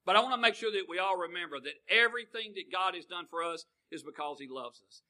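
An older man preaches in a folksy, conversational way and calls out for answers from the pews. His voice sits high for a man and rings with a sharp, bright edge. He swings from booming declarations down to hushed asides. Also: lively intonation, fast talker, low-quality recording. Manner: folksy, call-and-response with the congregation, swings between booming and hushed. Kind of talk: sermon.

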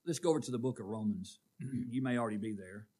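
A man's voice: mid-range voice, fast talker, warm tone, slightly rough. A man preaching a call-and-response sermon in a church, quizzing the congregation. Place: church sanctuary.

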